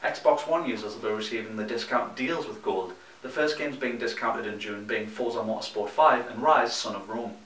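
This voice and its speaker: A man's voice: fairly low pitch, moderate pace, hardly any pauses, a bit bright, a little hiss or hum. A young man with a Geordie accent co-hosting a scripted gaming news show, delivering the items with dry, teasing banter. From North East England. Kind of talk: scripted comedic news reading. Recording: roomy echo, mic at a distance.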